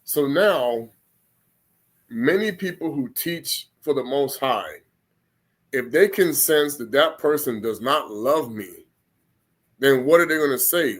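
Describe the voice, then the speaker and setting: A man's voice: mid-range voice, animated, slow pace, pauses often. A man giving an informal spoken sermon, rambling and repeating himself as he acts out the people he quotes. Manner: rambling, repeats words, slips into quoted voices. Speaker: preacher.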